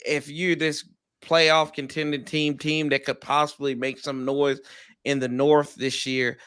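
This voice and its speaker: A man giving casual sports analysis on a panel, talking in a measured way with hesitant starts. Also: on the high side, little pitch movement, a bit bright, clear, resonant tone, no room sound, studio quality. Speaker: guest panelist.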